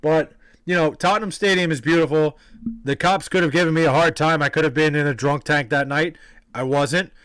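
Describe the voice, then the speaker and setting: A young man from New York casually telling a story, animated, profane and self-deprecating. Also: a little high, brisk, dry recording, rough recording. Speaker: vlogger telling a personal story.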